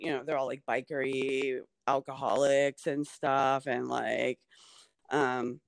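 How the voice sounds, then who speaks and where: A woman's voice: rumbling low, steady tone, unhurried, no echo. A woman comedian talking in a casual podcast chat, rambling with many fillers like "like" and "um". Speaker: stand-up comedian, guest.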